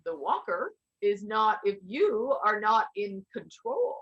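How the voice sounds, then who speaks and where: A woman hosting a podcast, asking questions in an animated, chatty way and laughing along with her guest. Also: mid-range voice, slow pace, muffled recording. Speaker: podcast host. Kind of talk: casual interview chat.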